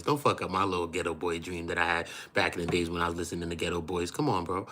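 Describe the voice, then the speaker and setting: Deep-voiced new dude, slangy and joking, commentary riff. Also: male voice, fast, few pauses, fairly bright tone, a little hiss or hum. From New York. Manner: playful, slangy, breaks into laughter and acted asides. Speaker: commentary host. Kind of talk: animated street-slang commentary.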